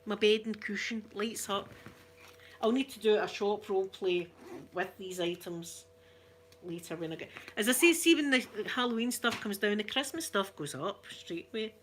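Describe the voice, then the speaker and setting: A woman's voice: medium pitch, lively intonation, moderate pace, a little hiss or hum. A woman with a Scottish accent chatting casually with viewers on a live stream, giggling often and reading out comments. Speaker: ASMR channel host.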